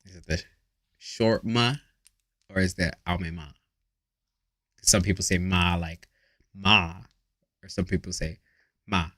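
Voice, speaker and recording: A man's voice: deep voice, normal speed, long pauses, a bit bright, dry recording. A man hosting a live tarot stream, chatting casually with viewers, swearing freely and reading their comments aloud. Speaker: tarot reader.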